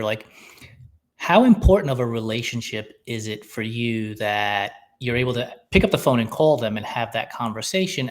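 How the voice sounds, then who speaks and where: Man hosting an interview chat. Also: fairly low pitch. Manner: reflective, builds long questions. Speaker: podcast host. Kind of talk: casual interview conversation.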